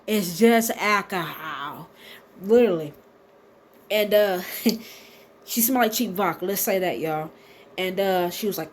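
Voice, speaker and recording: Animated, profane woman in her thirties. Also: mid-range voice, measured pace, a little hiss or hum. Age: 30s. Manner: animated, profane, talks straight to viewers. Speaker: vlogger. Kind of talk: casual storytime.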